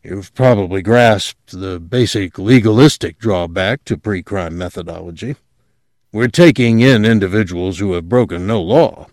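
A tense older agency chief, as a male narrator plays him, guarded and controlled in every word. The voice is low and even, recorded close and dry. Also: normal speed, no room sound. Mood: explaining.

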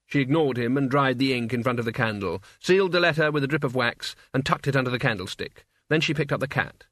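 Measured male audiobook narrator. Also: mid-range voice, lively intonation, fairly bright tone, dry recording, studio quality.

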